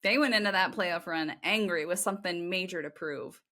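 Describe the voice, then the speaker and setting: A woman from Ohio hosting a casual chat with a guest, talkative and quick to laugh. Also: on the low side, pushed and bright. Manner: chatty, laughs often. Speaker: host. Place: on the West Coast.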